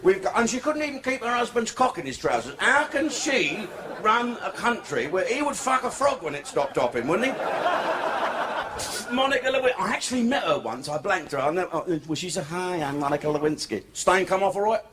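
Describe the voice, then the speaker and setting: A man's voice: high-pitched, sing-song, a little fast, a crowd in the background. A man doing a crude, profane stand-up comedy set in a comedy club. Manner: crude, profane, swearing constantly. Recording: noisy club recording.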